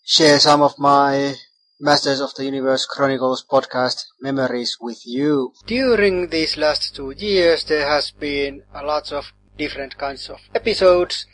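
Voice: mid-range voice, steady tone, a little slow, fairly bright tone, a little hiss or hum, poor audio. Earnest recorded anniversary message. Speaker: listener sending anniversary wishes.

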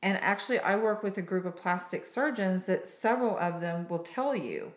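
A woman who works as a nurse injector, hosting a casual podcast chat in an animated, chatty way and laughing often. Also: medium pitch, moderate pace. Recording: roomy echo.

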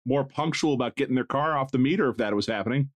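A man's voice: medium pitch, quick pace, no echo. A man co-hosting a podcast, making dry sarcastic jokes in casual chat. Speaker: podcast co-host.

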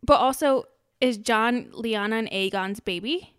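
A woman's voice: on the high side, measured pace, a bit bright, smooth, no echo, studio quality. A woman in casual chat, recapping a TV episode with a friend, laughing often and acting out her reactions. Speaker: podcast co-host recapping a TV episode.

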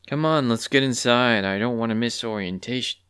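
A man's voice: mid-range voice, a little fast, smooth, close to an everyday voice. A man doing a sly, coy young female bird. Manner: coy and calm.

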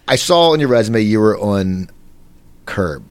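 A man's voice: lowish voice, expressive. A man hosting an interview, asking eager follow-up questions. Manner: enthusiastic, quick follow-up questions. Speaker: podcast host. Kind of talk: conversational interview.

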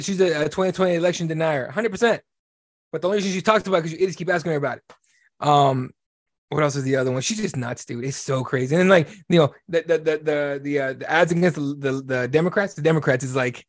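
A man's voice: fairly high pitch, fast, no echo, clean studio sound. A man on a casual podcast, talking bluntly with lots of profanity, ranting in a way of speaking.

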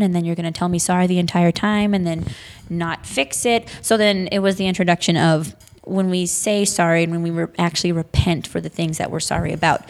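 A woman's voice: lowish voice, a little mellow. A young woman chats on a podcast about the Sunday school class she teaches. She rambles and fills her talk with ums and likes, in a casual, friendly run-on recap. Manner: chatty, rambling recap with many fillers.

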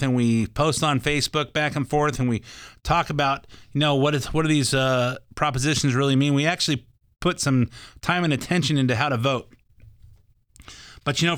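An older man hosts a talk radio show and talks in a casual, rambling, folksy way, full of filler words. His voice is smooth and resonant and sits at an ordinary pitch. It sounds dry and close to the studio mic. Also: fairly bright tone, no echo. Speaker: radio show host and mortgage broker.

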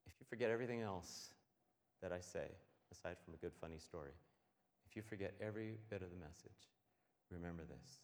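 A pastor preaching a passionate sermon, swinging between quiet and loud. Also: male voice, deep voice, brisk. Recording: echoey hall.

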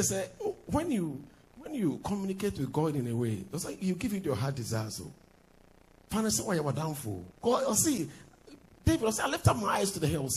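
A man's voice: high voice, darkish tone, husky. A man with a Ghanaian accent, a pastor preaching a sermon with sing-song lines and laughing asides, switching between English and Twi.

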